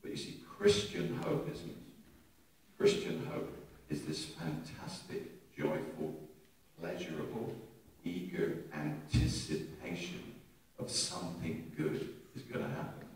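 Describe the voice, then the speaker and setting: An older man, preaching a sermon with animated humour, recorded from a distant mic in an echoey church. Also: low-pitched, takes it slowly, vocal fry, a little hiss or hum. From England. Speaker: pastor. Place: church hall.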